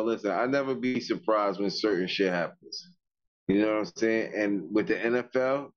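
A man's voice: lowish voice, dull audio. A man co-hosting a casual podcast, talking in slangy, emphatic bursts. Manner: slangy, emphatic, keeps saying "yo, listen". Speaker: podcast co-host. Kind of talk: casual chat.

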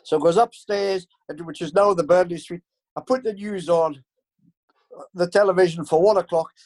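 An older man tells long, rambling stories as an interview guest. His voice sits notably high, and he keeps pausing on ums and starting his sentences over. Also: darkish tone. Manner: rambling anecdotes with many fillers and restarts. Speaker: interview guest, former football club staff. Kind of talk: casual storytelling.

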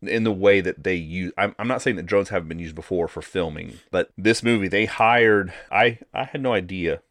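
A man co-hosting a casual movie review chat, relaxed and often repeating words as he thinks. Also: sits low, normal speed, no echo, studio quality. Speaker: podcast co-host.

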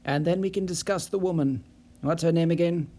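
A man's voice: on the high side, a little fast, warm tone, lightly acted. A man voicing a stern, commanding investigator. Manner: clipped, cold and authoritative. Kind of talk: audiobook character voice.

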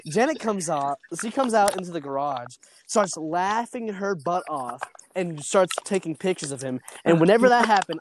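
A young man hosting a casual podcast, telling a story in a loose, slangy, rambling way and laughing along. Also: high voice. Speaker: podcast host. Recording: noisy home podcast recording.

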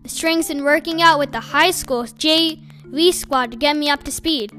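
A woman's voice: high voice, moderate pace, sharp tone, soft background music. A woman doing a cocky teenage jock. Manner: boastful, talks of himself in third person.

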